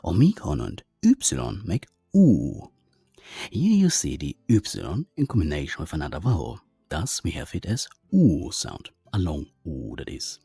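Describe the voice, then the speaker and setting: A man's voice: low-pitched, wildly swooping pitch, normal speed, creaky, warm tone, breathy edge, no room sound, soft background music. A man giving a methodical language lesson, naming letters and their sounds one by one. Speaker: language teacher. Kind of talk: explanatory lesson.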